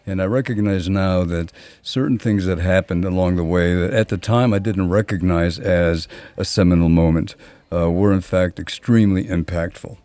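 An older man in his seventies talks as a podcast guest in an easy, rambling way. His voice sits very low and sounds mellow and warm. He tells long stories with a dry, self-mocking humor. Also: steady tone, normal speed, no room sound. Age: 70s. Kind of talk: casual conversation.

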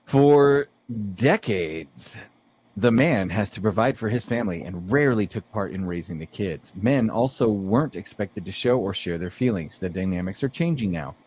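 A man's voice: lowish voice, darkish tone, breathy edge. A man co-hosting a casual podcast, reading an article aloud and giving blunt opinions on it. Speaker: podcast co-host.

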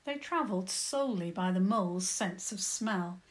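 A woman calmly and gently narrating a children's story. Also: medium pitch, normal speed.

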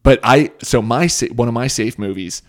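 A man hosting a podcast, chatting casually with a friend in a rambling, excitable way full of fillers and the odd swear word. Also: mid-range voice, moderate pace. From United States. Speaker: podcast host. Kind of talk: casual chat.

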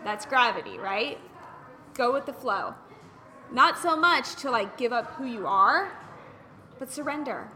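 A woman hosting a casual wellness podcast, telling stories in an animated way and acting out what people said. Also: a little high, a little slow, long pauses. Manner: animated storyteller who acts out quotes. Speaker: podcast host.

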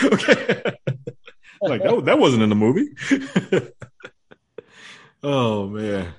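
A man's voice: medium pitch, big pitch swings, measured pace, pauses often. A man chatting casually on a podcast, laughing often and acting out the people he quotes. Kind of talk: casual chat.

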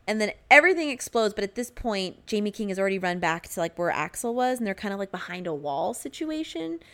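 A young woman in casual conversation, recapping a movie with lots of fillers and animated asides. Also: medium pitch, fast. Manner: animated, filler-heavy, frequent "like".

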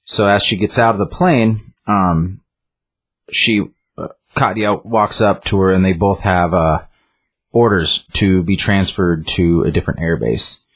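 A man's voice: low-pitched, steady tone, measured pace, breathy edge. A man casually retelling a book's story in a rambling way, with many restarts and fillers. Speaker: book reviewer.

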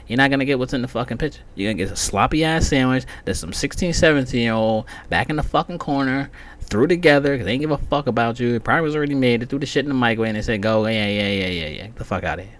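A man's voice: medium pitch, fairly bright tone. A man hosting his own podcast, telling a heated, profanity-heavy story in a casual rant. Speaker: podcast host.

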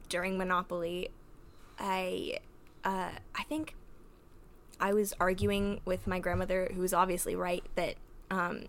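A young woman hosting a podcast, casually telling family stories with lots of giggles and filler words. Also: fairly low pitch. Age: young adult. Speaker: podcast host. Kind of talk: casual storytelling.

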